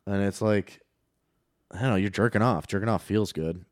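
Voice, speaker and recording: Male podcast co-host, low register, deadpan crude banter, dry close mic. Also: moderate pace, no room sound. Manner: vulgar, deadpan insults. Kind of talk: crude casual podcast chat.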